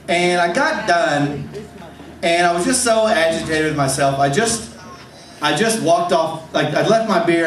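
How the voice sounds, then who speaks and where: A man with a high voice tells a rambling, self-deprecating story as host of an open mic night. He is heard from a distance in an echoey club room, with a faint hum underneath. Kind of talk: stand-up storytelling. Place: comedy club stage.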